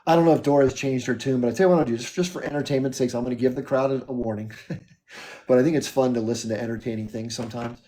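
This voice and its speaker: Mellow-voiced American man hosting a live stream. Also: mid-range voice, fairly even intonation. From United States. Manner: measured, lecturing, repeats the caller's name. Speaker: livestream host.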